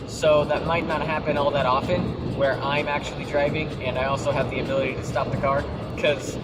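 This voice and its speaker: Young man, playful vlogger, jokey, slightly high voice, handheld camera, background music. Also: level tone, a little fast. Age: young adult. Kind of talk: casual vlog narration. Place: outdoors on a college campus and in a car. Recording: music playing under the voice.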